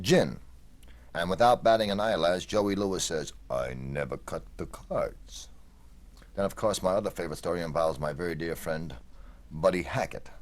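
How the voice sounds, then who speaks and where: Deep-voiced guy doing deadpan one-liners, dry delivery. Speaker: comedian. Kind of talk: stand-up storytelling.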